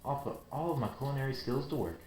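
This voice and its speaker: A loyal young male knight, gentle and warm, as a man reads his lines. He speaks in a caring manner. An echoey room carries soft game music behind. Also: medium pitch, lively intonation, fast, lightly acted.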